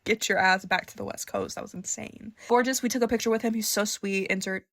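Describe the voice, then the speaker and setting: Young woman vlogger, mid-pitch, excitable and foul-mouthed, dry recording. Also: a little fast, no room sound. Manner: excitable, gushing and profane, laughing often. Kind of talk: casual storytime.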